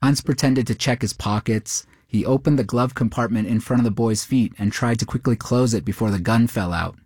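A man narrating a short story in a steady, measured way. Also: mid-range voice, slightly rough, no echo, studio quality.

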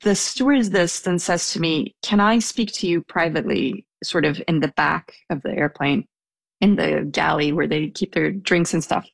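A woman's voice: low voice, moderate pace, creaky, dry recording. A young woman telling a personal anecdote in a casual, hesitant way, with small laughs. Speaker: storyteller guest.

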